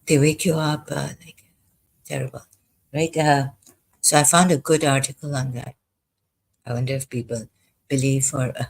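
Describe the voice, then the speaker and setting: A frightened vlogger, telling a personal story in a hesitant, halting way full of pauses and false starts. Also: mid-range voice, husky, rough recording. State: frightened, unsettled. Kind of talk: personal confessional monologue.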